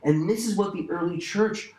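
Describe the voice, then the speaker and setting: A man pastor delivers an emphatic sermon in a fairly high voice, circling back to his key phrases and throwing in casual asides to the congregation. The sound carries a roomy echo around him. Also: moderate pace, darkish tone.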